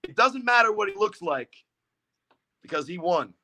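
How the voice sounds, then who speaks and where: Bright, slightly high male podcast guest, self-deprecating, swears casually. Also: lively intonation, normal speed. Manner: joking, self-mocking, swears freely. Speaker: podcast guest, football quarterback.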